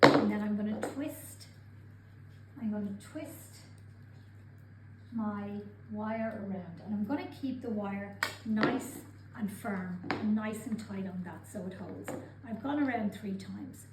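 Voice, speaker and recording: A woman calmly talking through each step of a craft demonstration as she works with her hands. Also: mid-range voice, slow pace, noisy background. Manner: calm, methodical, narrating her own actions. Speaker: craft instructor. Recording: roomy sound with clear background ambience.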